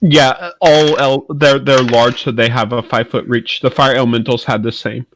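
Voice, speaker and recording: A man playing a tabletop game, explaining rules in a halting, casual way. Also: mid-range voice, steady tone, a bit bright, slight background noise, rough recording. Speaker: player.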